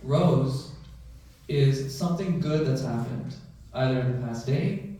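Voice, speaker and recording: Taking it slowly, a man who works as a physician speaks conversationally to a mosque audience, often using "right?" and "you know." His voice is mid-range and warm, captured from a distance in a large, echoey prayer hall.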